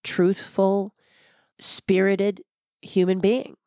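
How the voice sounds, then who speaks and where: An older woman being interviewed, talking in a passionate, blunt and animated way. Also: medium pitch, very slow, dry recording, clean studio sound. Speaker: guest, former theme park designer. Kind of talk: candid interview conversation.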